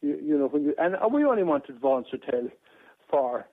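A man's voice: fairly high pitch, sing-song, moderate pace, no room sound. Aggrieved man on a tinny phone line. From Ireland. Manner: aggrieved, rambling with many restarts and repetitions. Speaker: caller. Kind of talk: phone-in radio talk.

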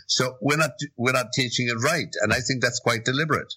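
A man's voice: medium pitch, a little fast, bright, forceful tone, husky, poor audio. A man with an Irish accent hosting a talk show, speaking emphatically and with strong opinions. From Ireland.

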